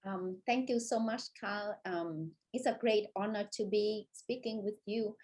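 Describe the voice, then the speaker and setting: Husky-voiced Vietnamese woman, earnest and emotional. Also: mid-range voice, darkish tone, low-quality recording. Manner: earnest, emotional, halting at times. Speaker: author guest. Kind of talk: conversation in an online author event.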